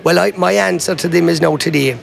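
A man's voice: a little high, brisk, gravelly, slight background noise. A man with an Irish Kerry accent giving an indignant, emphatic election victory speech at a vote count centre. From Kerry, Ireland. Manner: indignant, emphatic, addressing a crowd. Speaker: politician.

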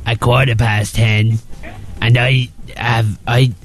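A man's voice: medium pitch, flat delivery, slow pace, pitched below the performer's own voice, lightly acted. A man putting on the voice of a fussy old man with a hesitant, rambling way of talking, for a prank phone call. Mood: pleading. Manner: hesitant, rambling, full of ums.

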